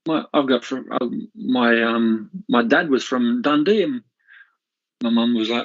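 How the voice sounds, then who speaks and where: A man's voice: medium pitch, measured pace. A man calling in to a radio phone-in, reminiscing in a rambling way with many restarts over dull lo-fi audio. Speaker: caller. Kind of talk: casual chat.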